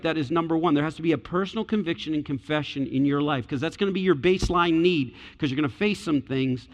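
A man preaching a sermon as pastor, talking conversationally and then rising into loud, emphatic declarations. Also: fairly high pitch. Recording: long hall reverb.

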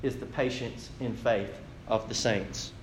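A man's voice: fairly even intonation, unhurried, echoey room, heavy background noise. A man, a pastor preaching a sermon in a conversational storytelling way. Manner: storytelling, conversational, shifting to low dramatic delivery.

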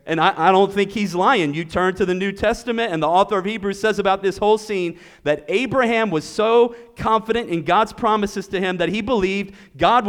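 A man preaching a sermon, telling the story dramatically, swinging from hushed passages to loud exclamations and often repeating words as he goes. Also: on the high side. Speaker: pastor.

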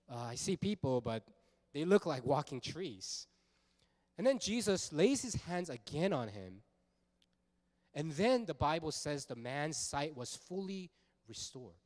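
Male pastor, 30s, slightly high voice, relaxed storyteller, long reverb. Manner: animated storytelling with casual fillers. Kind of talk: sermon.

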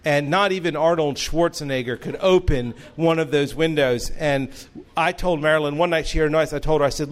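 A man's voice: fairly high pitch, brisk, hardly any pauses. A man preaching a sermon, earnest and storytelling, with humorous asides. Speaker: pastor.

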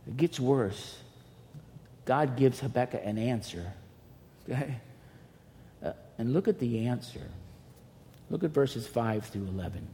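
Warm-voiced pastor preaching in a hall. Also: male voice, mid-range voice, expressive, measured pace, pauses often. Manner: emphatic and repetitive, swinging from loud pleas to hushed near-whispers. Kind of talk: sermon. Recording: reverberant hall with faint noise.

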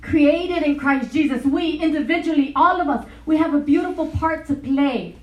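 High-voiced woman preaching in an echoey hall. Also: normal speed, far from the mic, lo-fi sound. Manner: animated storytelling, laughing often. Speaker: retreat speaker. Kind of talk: sermon. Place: large hall.

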